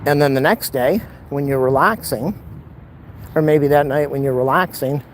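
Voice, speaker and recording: A man chats to the handheld camera he carries as he walks outdoors. His talk is rambling, wry and blunt, and his voice sits a bit high. A faint hum of city traffic runs underneath. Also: normal speed, rough recording. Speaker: vlogger. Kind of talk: casual walking vlog monologue. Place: outdoors on city streets and lawns. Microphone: camera held while walking.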